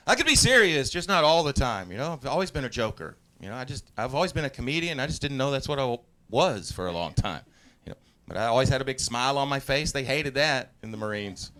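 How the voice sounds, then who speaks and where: Onstage at a live comedy show, a Southeast Texas man in his forties tells stories in a relaxed way, often laughing at his own jokes and bursting into loud, yelled impressions. His mid-range voice is sing-song and brisk.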